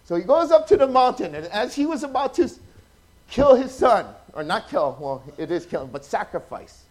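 A man preaching an informal sermon, telling stories in a chatty, animated way and often asking his listeners questions. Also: high-pitched, moderate pace. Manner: chatty, animated, acts out quotes, asks the audience questions.

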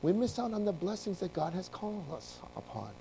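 Man, high voice, preaching, lively storytelling, talks to the congregation. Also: a little fast, vocal fry, breathy edge, low-quality recording. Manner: animated storytelling, acts out voices; addresses congregation directly. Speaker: pastor. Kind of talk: sermon.

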